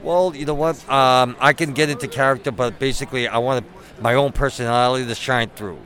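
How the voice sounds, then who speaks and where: A man's voice: mid-range voice, fairly even intonation, a little fast, fairly bright tone. A middle-aged man, a costumed hero cosplayer chatting in an outdoor interview, self-deprecating and fond of puns. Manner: chatty, self-deprecating, punny, acts out quotes. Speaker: Batman cosplayer. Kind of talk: casual interview chat.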